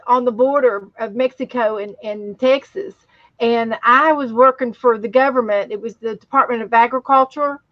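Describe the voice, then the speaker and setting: A woman with a West Virginia accent hosting a casual livestream chat, telling stories slowly with many restarts. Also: fairly high pitch, no echo, muffled recording. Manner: slow, rambling storytelling with many restarts. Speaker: livestream host.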